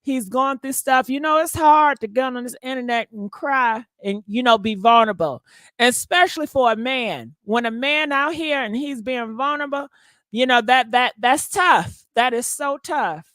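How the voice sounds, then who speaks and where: A woman's voice: high-pitched, normal speed, a bit bright, dry recording. A woman hosting a live gossip stream who exclaims a lot and talks straight to her viewers. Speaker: gossip channel host.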